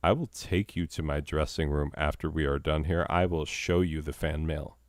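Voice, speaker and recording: A man's voice: very deep voice, fairly even intonation, normal speed, dry recording, clean studio sound. A man hosting a comedy show, rambling through improvised, self-mocking banter full of fillers.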